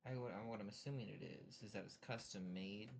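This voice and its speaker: A man trades casual podcast banter in a lowish, even voice, needling his co-host with dry, deadpan teasing. A faint noise sits under the recording. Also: a little fast, vocal fry.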